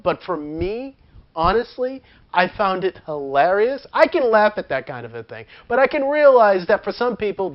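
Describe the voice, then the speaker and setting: Chatty film reviewer who laughs often; mid-range voice, dull lo-fi recording. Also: mid-range voice. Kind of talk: casual movie review.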